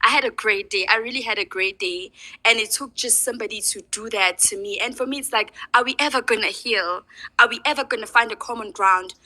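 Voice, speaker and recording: A woman's voice: a little high, brisk, bright, forceful tone, low-quality recording. A woman giving an impassioned, angry personal testimony in an online audio discussion, asking rhetorical questions.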